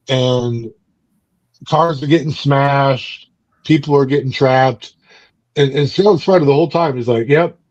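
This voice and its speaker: A man's voice: mid-range voice, a little mellow, no room sound, lo-fi sound. A man hosting a book club podcast, casually recapping and reviewing a comic in a rambling way, with many fillers and restarts.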